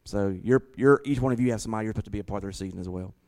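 A man preaching a sermon in a folksy storytelling way, slowing down to stress key words. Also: on the low side, darkish tone. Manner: folksy, slows down for emphasis.

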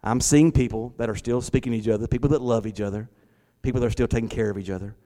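Animated pastor preaching in a hall. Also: male voice, medium pitch, fast talker. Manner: animated and conversational, repeats words, talks back to the congregation. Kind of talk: sermon. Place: church hall. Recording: long church hall reverb.

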